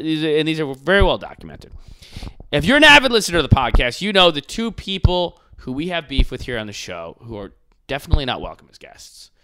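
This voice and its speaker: Animated, profane man ranting on a podcast. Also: mid-range voice, slight background noise. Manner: animated, profane, mocking impressions. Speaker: podcast host. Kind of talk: casual podcast rant.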